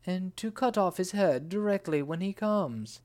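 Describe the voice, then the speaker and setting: A reader doing a scheming storybook vizier who presses his warnings on a king. He speaks slowly and insistently, with lively rises and falls in pitch. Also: lightly acted. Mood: urging. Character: scheming male grand vizier advising a king.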